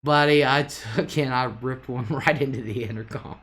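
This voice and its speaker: A woman's voice: extremely low pitch, moderate pace. A woman hosting a live stream, telling a rambling story in casual chat and chuckling along the way. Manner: rambling, chuckling anecdote-teller.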